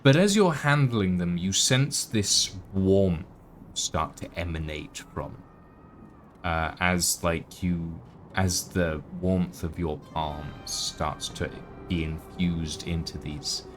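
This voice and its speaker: A man narrating a tabletop game as game master, relaxed, with frequent fillers. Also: sits low, slow. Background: background music.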